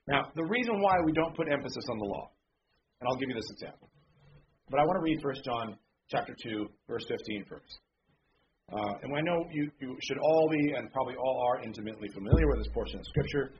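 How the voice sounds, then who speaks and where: A man preaching a sermon as pastor, talking conversationally with frequent "okay?" check-ins and reading scripture slowly and deliberately. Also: medium pitch. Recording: dull lo-fi sound with faint background noise.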